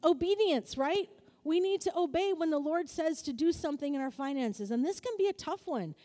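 Woman preacher, high and mellow voice, lively and talky, asks the room for answers, long hall echo. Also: brisk. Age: adult, married. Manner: lively, calls for audience answers, acts out quoted voices. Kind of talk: sermon-style teaching to a group.

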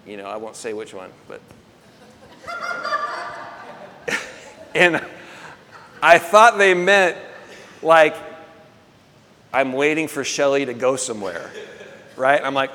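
A middle-aged man preaching, telling a story in a lively, animated way and acting out the voices he quotes. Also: medium pitch, slow pace, long pauses, big-room sound. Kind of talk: storytelling sermon.

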